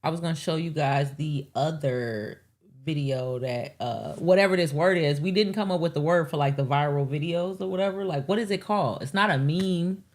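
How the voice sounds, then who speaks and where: Low-voiced woman riffing casually on a live show. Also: moderate pace. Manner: rambling, profane, animated asides with acted quotes. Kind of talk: casual live-stream monologue.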